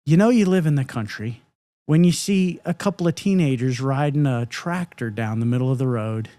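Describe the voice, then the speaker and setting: A man's voice: medium pitch, normal speed, dark tone, no room sound. A man co-hosting a podcast, telling a story with lots of laughs and mimicked sounds. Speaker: podcast co-host. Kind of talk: casual storytelling chat.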